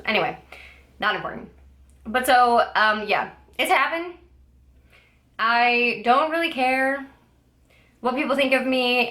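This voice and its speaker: A young woman with a bright, forward voice talks casually to her camera about books. She rambles, fills her sentences with "like" and "I don't know", and drops playfully sassy asides along the way. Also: medium pitch. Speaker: book vlogger. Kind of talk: casual chat.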